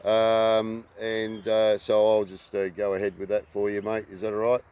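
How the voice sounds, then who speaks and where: A man hosting a rambling casual talk, halting and full of ums and uhs. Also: fairly low pitch, completely flat delivery, darkish tone, smooth. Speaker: host.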